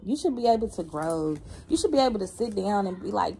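A woman giving a casual spiritual card reading, animated and slangy, humming and laughing between lines. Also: mid-range voice, brisk, hardly any pauses, a little hiss or hum. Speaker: tarot reader.

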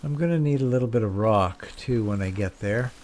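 Over a noisy background, a man with a fairly low voice speaks a little quickly while commenting on his own gameplay. The streamer keeps up casual, self-deprecating let's-play chatter, mostly talking to himself.

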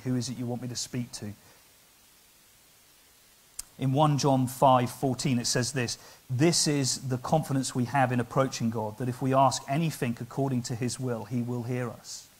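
A man with an English accent preaching a sermon in church, earnest and conversational, building to loud, emphatic passages. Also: mid-range voice, little pitch movement, moderate pace, slightly rough. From England. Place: church hall.

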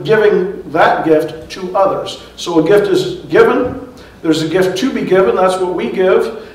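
A man giving a conversational sermon as pastor, chuckling at his own asides. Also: high voice. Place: church sanctuary. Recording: echoey church hall, mic far off.

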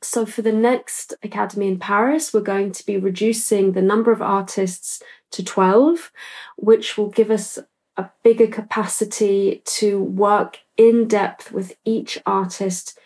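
A woman's voice: mid-range voice, fairly even intonation, unhurried, darkish tone. A woman who organizes an opera academy, explaining its plans in a composed, explanatory interview answer.

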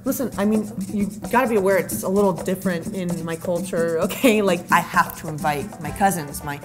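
A young woman playing an excitable bride in a comedy sketch, rattling off plans and dropping Spanish phrases into her English. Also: on the low side. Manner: excitable and rapid-fire, veering into loud outbursts. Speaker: bride planning a wedding. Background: music.

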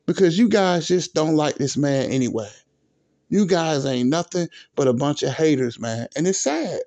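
Man, sports vlog rant, exasperated and repetitive, profane, dark mellow tone. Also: a little high, expressive, normal speed. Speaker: sports video host. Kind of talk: ranting sports commentary vlog.

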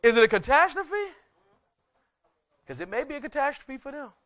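A male pastor preaches with an extremely high-pitched, very animated voice at a normal speed. He drives the sermon with repeated rhetorical questions, call-and-response, and sudden shouts.

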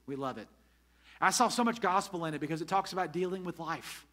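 Bright-voiced emphatic male pastor preaching. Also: fairly high pitch, a little fast. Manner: emphatic preaching, asks the congregation questions. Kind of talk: sermon. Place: church sanctuary.

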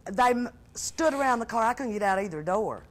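A woman's voice: fairly high pitch, animated, brisk. A woman wrestler in the studio, trash-talking callers with sassy defiance.

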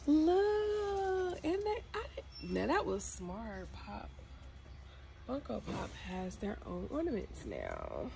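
A woman talking casually to her phone as she shops, gasping, squealing and swearing in excitement. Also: medium pitch, slow, creaky, pauses often. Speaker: vlogger. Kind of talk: casual shopping vlog. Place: in a large store. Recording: noisy store ambience.

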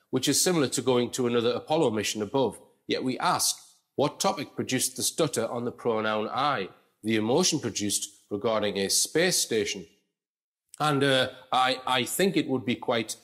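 A man talks through his commentary in a casual, conversational way at a mid pitch. He reads quotes aloud and breaks off for asides to the listener. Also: fairly bright tone. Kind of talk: explanatory commentary.

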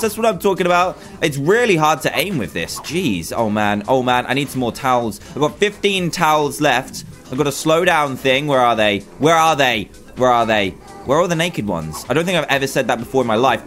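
A young man commentating a game, chatty and jokey, often shouting in mock panic. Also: medium pitch, moderate pace, soft background music. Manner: animated, yelps and squeals in panic, chatty asides. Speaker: gaming YouTuber. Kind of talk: excited gameplay commentary.

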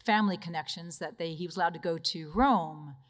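A woman's voice: lowish voice, brisk. A woman religious sister gives a conversational retreat talk, telling personal stories and laughing between them.

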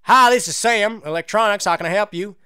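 A man's voice: high voice, a little fast, sharp tone, smooth, dry recording, studio quality, pitched above the performer's own voice. A man voicing a cheerful male store electronics clerk answering the phone, breezy and matter-of-fact.

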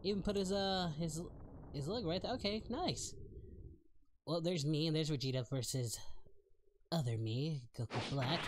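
A performer voicing Goku, an excitable young male martial-arts hero, cheering and shouting through in-character reaction commentary. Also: mid-range voice, background noise. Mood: chatty. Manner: hyped, shouting, cheering at the screen. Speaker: reaction channel host. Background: music.

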